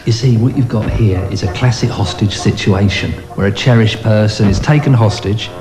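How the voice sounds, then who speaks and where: An actor playing an unflappable asylum doctor, breezy and matter-of-fact. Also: male voice, on the low side, moderate pace, natural voice. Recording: echoey room with music behind.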